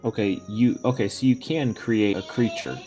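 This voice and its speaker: Male game master, very low voice, measured and rules-minded, faint music behind. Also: rough recording. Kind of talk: running a tabletop game.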